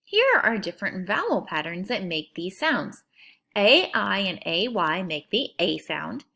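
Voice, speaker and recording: A woman teacher leading a phonics lesson for young children, sounding out words slowly in an encouraging, sing-song way. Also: mid-range voice, big pitch swings, gravelly, sharp tone. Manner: slow, stretched-out sounding of words.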